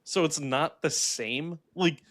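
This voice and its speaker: A man with a slightly high voice co-hosts a casual podcast chat. He talks in an animated, rambling way, peppered with fillers and frequent laughs. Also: slow pace. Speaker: podcast co-host reviewing a film.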